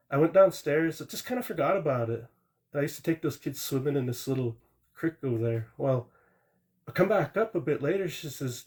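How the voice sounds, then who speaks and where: A man's voice: medium pitch, darkish tone. Plain-spoken man telling a ghost story. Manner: rambling, plain-spoken, with small restarts and asides. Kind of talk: casual storytelling. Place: live stream call.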